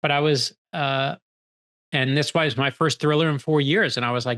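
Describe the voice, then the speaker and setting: A man, a guest author, telling stories in an energetic, animated conversational way and acting out quoted dialogue. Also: fairly high pitch. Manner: energetic, animated, quick bursts when excited. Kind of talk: conversational storytelling.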